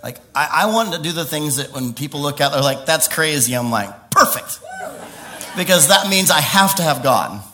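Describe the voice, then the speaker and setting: A man preaching a lively sermon, laughing often, with sudden high exclamations and quiet stretches. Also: brisk, few pauses, a faint crowd.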